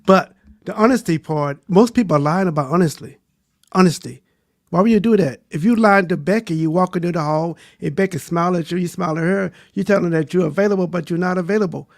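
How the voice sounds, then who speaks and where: A man joking and telling animated little stories as a panelist on a live-stream chat over a video call. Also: high voice, quick pace, creaky.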